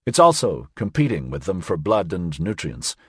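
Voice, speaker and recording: A man voicing a cautious male doctor who speaks in a measured, clinical way, in an audiobook. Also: sits low, sing-song, husky, no room sound, clean studio sound, heavily acted. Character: cautious, guarded male doctor, low-voiced.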